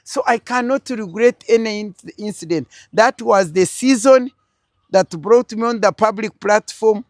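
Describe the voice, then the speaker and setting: A woman's voice: mid-range voice, unhurried, dry recording. An older woman with a Ugandan accent, telling a political story as an interview guest with strong, emphatic feeling.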